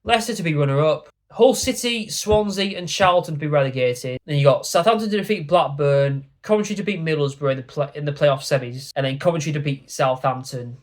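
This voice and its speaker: Young man, football YouTuber, foul-mouthed and blunt, voice sits a touch high. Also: a little fast, hardly any pauses. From York, England. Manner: sweary, rambling, blunt. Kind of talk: casual football predictions rant.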